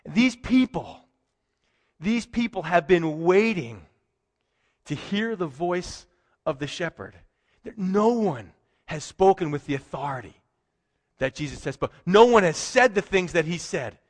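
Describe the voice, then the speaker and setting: High-voiced preaching man in a reverberant hall. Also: lively intonation, a little slow, pauses often. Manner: emphatic, conversational preaching with rhetorical questions. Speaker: pastor. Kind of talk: sermon.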